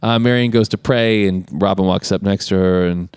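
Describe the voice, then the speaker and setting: A man's voice: sits low, clean tone, no echo, studio quality. A man co-hosting a casual podcast, recapping a movie with lots of laughter and mock voices. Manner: animated, quick to laugh, slips into mock voices. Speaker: podcast co-host.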